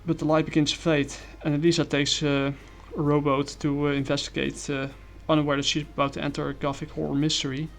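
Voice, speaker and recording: A man's voice: fairly high pitch, level tone, quick pace, creaky, hardly any pauses, soft background music. A man giving a casual comic review, rambling with many fillers and apologies.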